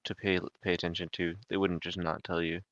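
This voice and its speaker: A man's voice: deep voice, level tone, brisk, fairly bright tone, no room sound, dull audio. A man narrating a tabletop game as dungeon master, laid-back with filler ums.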